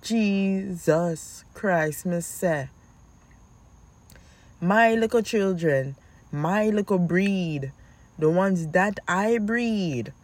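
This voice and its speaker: A woman, a mother of two, telling stories about her children in a casual vlog, animated and acting out her own yelling, with a lilt. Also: on the low side, drawn-out words.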